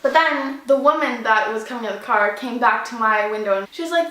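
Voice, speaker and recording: Loud, bright young woman telling a story. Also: a little high, fairly quick, hardly any pauses, reverberant, poor audio. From Canada. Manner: loud, animated, dramatic retelling with many "like"s. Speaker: vlogger. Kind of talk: casual storytime.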